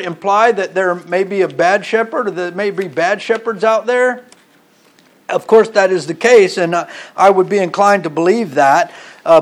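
A male preacher giving a sermon, telling stories and reading scripture aloud. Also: high voice. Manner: storytelling, reads scripture aloud.

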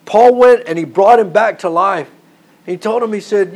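A male preacher with a fairly high voice delivers an earnest sermon. He circles back over his points, stumbles and repeats words, and swells into animated emphasis. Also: normal speed.

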